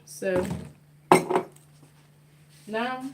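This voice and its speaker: Woman, unhurried cooking-vlog chat, repeats herself while stirring, noisy kitchen with clicks behind. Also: medium pitch. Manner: chatty, repeats phrases while working. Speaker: cooking vlogger. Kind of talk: casual cooking demonstration. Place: home kitchen.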